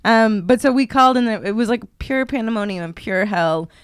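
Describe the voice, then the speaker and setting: A woman's voice: on the high side, a little fast, clear, resonant tone, no echo, studio quality. A woman co-hosting a podcast, telling a long story in casual chat and acting out the people in it. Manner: animated storyteller who acts out the people in her story. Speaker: podcast co-host. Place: podcast studio.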